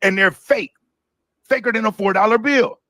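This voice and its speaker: A man's voice: sits high, normal speed, pushed and bright, dry recording. A man co-hosting a live stream, giving opinionated political commentary in a casual, explanatory way.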